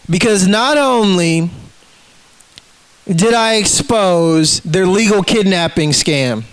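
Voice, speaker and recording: A man's voice: high voice, fairly bright tone, low-quality recording. A man ranting casually to the camera, heated and profane, acting out the people in his stories. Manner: profane, heated, acts out quotes in scenes.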